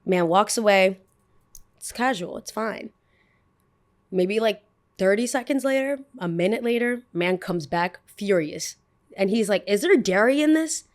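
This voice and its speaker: A young woman telling a workplace story in a casual, animated way, quoting herself often and speeding up in bursts. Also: medium pitch. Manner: animated retelling, full of "I was like" quotes, bursts of fast talk.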